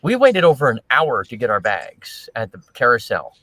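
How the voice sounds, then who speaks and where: A man's voice: medium pitch, huge pitch swings, normal speed, sharp tone, no echo, low-quality recording. A man co-hosting a livestream, chatting casually and retelling stories, often quoting other people. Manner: chatty, quotes people while telling stories. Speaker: livestream co-host. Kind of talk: casual chat.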